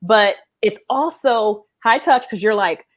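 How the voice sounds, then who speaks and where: A woman in recruiting talking in a casual chat on a video call, direct and opinionated and quick to push back. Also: mid-range voice.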